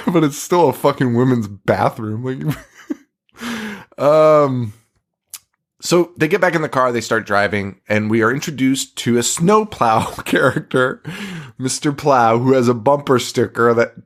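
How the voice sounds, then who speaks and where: A man's voice: medium pitch, animated, measured pace. A man co-hosting a podcast, recapping a movie in casual chat, sarcastic and profane with frequent laughter. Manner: sarcastic, swears a lot, laughs often. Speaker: podcast co-host.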